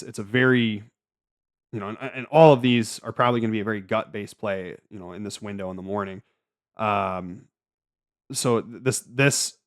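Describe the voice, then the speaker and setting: A man hosting a casual solo trading recap, rambling with frequent stammers, restarts and filler words. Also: fairly low pitch. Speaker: trading channel host.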